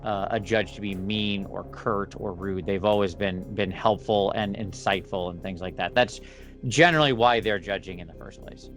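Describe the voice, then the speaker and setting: A man talking as a guest on a casual interview podcast, thoughtful and measured. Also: on the low side, a bit bright, soft background music. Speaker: podcast guest, miniature painter.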